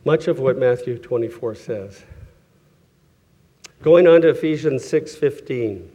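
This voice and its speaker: A middle-aged man preaches in an easy, chatty way, with a voice of middle pitch. He stumbles, restarts and chuckles as he tells stories, and he changes his voice when he quotes the people in them. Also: unhurried, mellow, muffled recording. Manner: conversational, self-correcting, chuckles often, acts out quoted voices. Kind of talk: sermon with personal stories.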